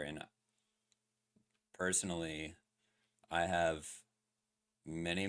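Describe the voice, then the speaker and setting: A man's voice: deep voice, fairly bright tone. A man streaming live, talking casually through crypto chart analysis with lots of fillers and questions to his chat. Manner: loose, filler-heavy, asks chat questions.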